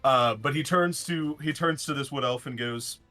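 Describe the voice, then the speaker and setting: A man's voice: medium pitch, normal speed, pushed and bright, soft background music. A young man playing a tabletop game, casually describing his character in a loose, rambling way. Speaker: player.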